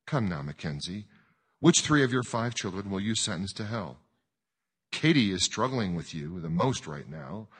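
A man voicing a calm, wise woman. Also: low-pitched, slightly rough, full character voice. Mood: probing. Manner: slow, quiet, gently probing. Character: calm wise woman confronting a grieving father. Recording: long hall reverb.

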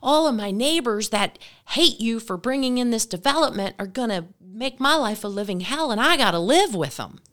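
A man's voice: high-pitched, unhurried, bright, forceful tone, clear, resonant tone, pitched above the performer's own voice. A woman voicing a worried older male homeowner with an Irish accent, talking anxiously and emphatically.

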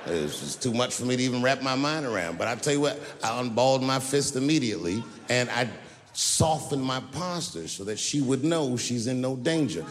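Male stand-up, lively swooping delivery, slightly high voice, long hall echo over a noisy crowd. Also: a little fast. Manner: animated storytelling with acted-out quotes. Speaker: stand-up comedian. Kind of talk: stand-up comedy performance. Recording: reverberant venue with crowd noise.

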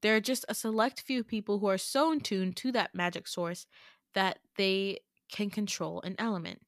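A woman voicing an intense, serious young male student who explains things urgently and with exasperation, in a low hushed tone. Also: normal speed, no echo, studio quality, lightly acted. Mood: grave, hushed.

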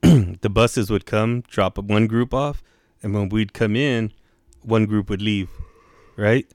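Brief: lower-voiced male guest, camp director spinning crude anecdotes, slangy and profane, dry untreated mic. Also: takes it slowly, dry recording. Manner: profane, slangy, keeps saying bro; acts out quoted yelling in raised voice. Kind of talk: casual storytelling chat.

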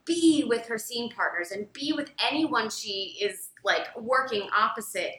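A woman co-host talking in a casual podcast chat, gushing with enthusiasm and peppering every thought with "like". Her voice sits a little high and sounds bright and forceful. The room around her is echoey. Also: lively intonation, unhurried.

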